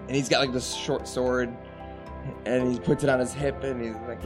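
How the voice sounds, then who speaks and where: A man running a tabletop game as games master, narrating in a casual, animated way. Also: medium pitch, moderate pace, music in the background.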